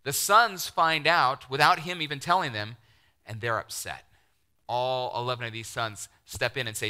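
A middle-aged man preaching a sermon, animated, acting out the voices he quotes and dropping to near-whispers. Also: mid-range voice, moderate pace. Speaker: pastor.

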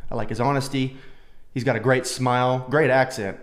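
A man's voice: medium pitch, steady tone, normal speed. A man hosting a reaction video, joking crudely and sarcastically as he comments on clips. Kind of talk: casual commentary.

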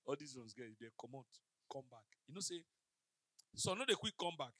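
On a comedy stage before a live audience, a man with a husky, medium-pitched voice tells stories briskly in pidgin. He's an animated storyteller who acts out the dialogue, and the recording is dry.

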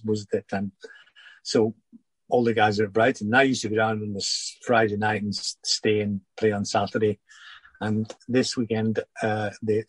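Halting, husky older man. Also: on the low side, no echo, poor audio. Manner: halting, many restarts and repeated words. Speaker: former footballer guest. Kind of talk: reflective interview chat.

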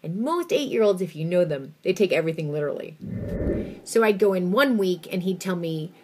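A woman vlogger telling a personal story to camera in an expressive, emphatic way. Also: fairly low pitch, a little fast, slight background noise.

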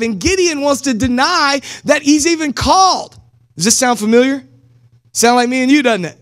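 A man preaching a sermon as pastor in a casual, energetic way, with slang and direct calls to the congregation. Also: very high voice, moderate pace. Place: church service streamed live.

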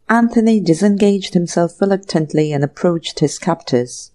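A woman narrating an audiobook mystery in a slow, measured reading. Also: lowish voice, animated, warm tone.

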